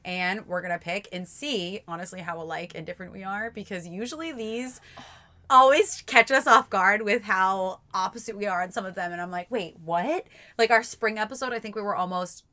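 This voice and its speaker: A young woman co-hosts a podcast, chatting casually in a mid-range voice at normal speed. She is animated and says "like" constantly while acting out things she herself once said.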